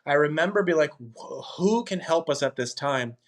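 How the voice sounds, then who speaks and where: A man in his thirties co-hosting a podcast in casual chat, earnest and animated, often acting out quoted lines. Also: fairly high pitch, normal speed. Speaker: podcast co-host.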